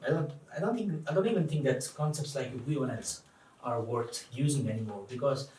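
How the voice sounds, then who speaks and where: A man's voice: medium pitch, fairly quick. Italian-accented man, distant in an echoey room. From Italy. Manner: thoughtful, animated, many restarts. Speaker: guest translator. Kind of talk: live public conversation. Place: event room before an audience. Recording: echoey room, distant mic, faint noise.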